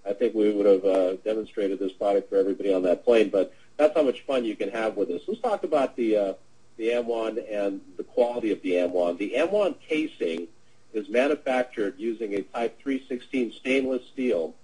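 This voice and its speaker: A man's voice: fairly low pitch, a little fast, warm tone, breathy edge, rough recording. A middle-aged man presenting a webinar, telling a sales anecdote in a casual, rambling way with many fillers and restarts. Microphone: webinar audio.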